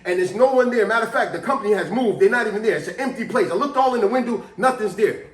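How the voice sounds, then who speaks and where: A man voicing a grumpy, short-tempered old male delivery driver who shouts indignantly. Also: high voice, fast talker, roomy sound, far from the mic, natural voice.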